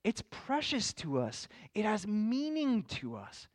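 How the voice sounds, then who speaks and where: Here the pastor's high voice moves through huge pitch swings. He delivers his sermon with earnest, measured teaching and keeps asking the congregation questions.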